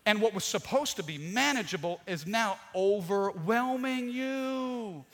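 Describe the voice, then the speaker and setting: A man preaching a sermon with dynamic delivery, swinging from loud to soft. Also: high-pitched, expressive, a little slow. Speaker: pastor. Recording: long hall reverb.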